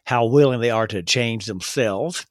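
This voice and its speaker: A man hosting a solo motivational podcast, talking earnestly and excitedly, with stumbles and restarts. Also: medium pitch, a little slow, no echo, studio quality. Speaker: podcast host.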